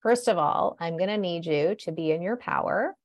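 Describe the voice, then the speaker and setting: A woman's voice: lowish voice, animated, normal speed, no echo. A woman hosting a podcast, talking in an emphatic, conversational way and often tagging her points with "right?". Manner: emphatic, tag questions like "right?". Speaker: podcast host.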